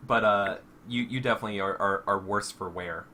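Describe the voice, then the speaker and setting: Bright-voiced male game master, hesitant. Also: fairly low pitch, fairly quick, slight background noise. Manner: hesitant, full of fillers and restarts. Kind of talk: narrating a tabletop game.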